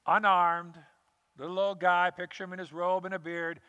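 A male pastor preaching a sermon, telling a scripture story with lively acted-out quotes. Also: high voice, clear, resonant tone, in a large hall.

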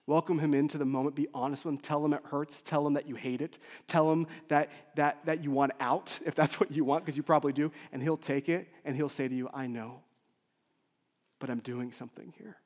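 A man, a lead pastor, preaching a sermon with emotional swings from loud urgency to soft near-whispers. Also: on the high side, fairly even intonation, a little fast, hardly any pauses. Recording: long hall reverb.

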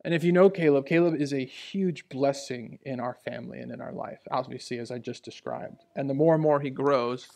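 A man in his thirties preaching a sermon in a church, telling personal stories in a conversational way, dropping to hushed asides and rising for emphasis. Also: mid-range voice, a little fast, vocal fry, hardly any pauses. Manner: conversational, storytelling, swings between hushed asides and raised emphasis. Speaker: pastor. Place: church sanctuary. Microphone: handheld or stage mic.

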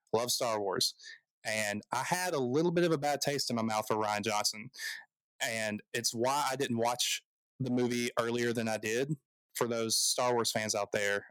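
A man's voice: medium pitch, fairly bright tone, clear, resonant tone, no echo, low-quality recording. A man from the American South co-hosting a movie podcast, chatting with enthusiasm and plenty of restarts. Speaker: podcast co-host. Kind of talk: casual movie chat.

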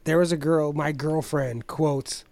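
A man's voice: a little high, a little slow, no echo. A man in his forties telling a story in casual chat, swearing a lot and acting out the people he quotes. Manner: profane, animated storytelling with put-on quotes.

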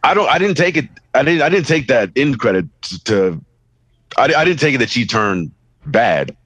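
A man's voice: mid-range voice, lively intonation, moderate pace, a bit bright, husky, dry recording, rough recording. A man co-hosting a podcast in a laid-back, rambling way, saying "you know" often and swearing casually. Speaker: podcast co-host. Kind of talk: casual chat.

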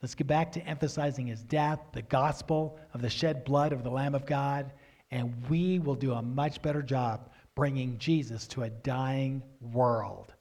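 A man preaching a sermon, asking questions and answering them himself, building to loud, emphatic stresses. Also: fairly even intonation, unhurried. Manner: grows loud and emphatic, rising pitch when stressing points.

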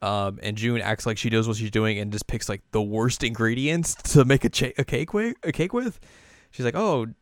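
Smooth low-voiced man recapping casually. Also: moderate pace, dry recording, clean studio sound. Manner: rambling, chuckling, self-correcting. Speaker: podcast host. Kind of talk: casual anime recap chat.

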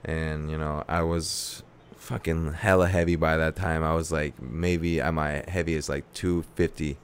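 A man's voice: very deep voice, little pitch movement, unhurried, clear, resonant tone. A man telling a long casual story, full of fillers like "uh" and "like" and plenty of slang. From California. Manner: rambling, heavy filler words and slang.

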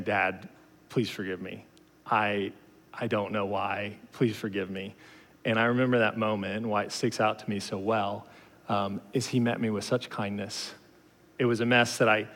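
A man in his thirties giving a sermon in a casual, conversational storytelling manner with frequent fillers. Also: mid-range voice. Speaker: pastor. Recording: long hall reverb.

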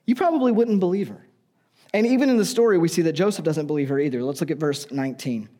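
A man's voice: fairly high pitch, fast, warm tone. A man preaching a sermon in a conversational, joking way, often asking the audience questions.

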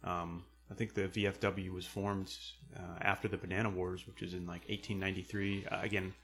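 A young man telling stories in casual conversation, rambling with many fillers and acting out quotes loudly. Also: low-pitched, little pitch movement, a little fast, slight background noise.

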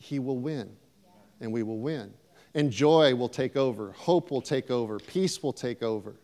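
Middle-aged male pastor, emphatic and repetitive, mid-pitched, long hall reverb. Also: measured pace, a little mellow. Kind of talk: sermon.

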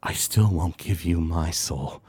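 A man's voice: low-pitched, measured pace, darkish tone, breathy edge, no room sound, voice pushed down. A man voicing a ranting, villainous male cult leader, shifting between despair and gloating. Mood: gloating menace. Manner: desperate, then gloating.

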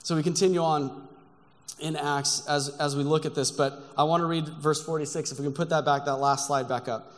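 Brief: male preacher, slightly higher voice, emphatic and earnest, long church-hall reverb. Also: steady tone, fairly quick. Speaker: guest pastor. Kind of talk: sermon. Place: church sanctuary.

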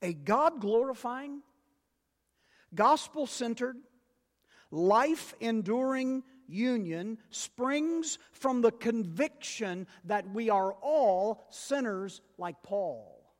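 A man preaching a sermon as pastor, emphatic and building to loud peaks, with asides to the congregation. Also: extremely high pitch, animated, drawn-out words, in a large hall.

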